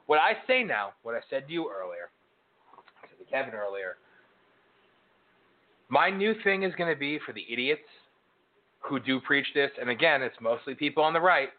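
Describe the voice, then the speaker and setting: A man co-hosting a political chat, ranting in emphatic lists. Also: medium pitch. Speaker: co-host. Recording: phone-like narrow sound.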